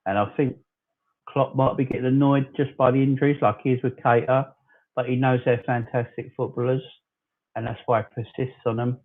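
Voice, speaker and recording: A man's voice: mid-range voice, steady tone, brisk. A man in his forties from southern England, hosting a casual fan livestream, chatting loosely and arguing back at commenters he calls "fella". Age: 40s. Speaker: fan channel host. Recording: tinny phone-like sound.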